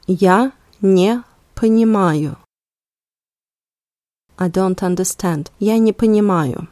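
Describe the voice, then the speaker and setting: Woman language teacher, slow deliberate delivery, warm mellow tone, dry close recording. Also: lowish voice, no echo. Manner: repeats words slowly and carefully for learners. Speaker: language teacher, podcast host. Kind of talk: slow, clear language lesson with repetition.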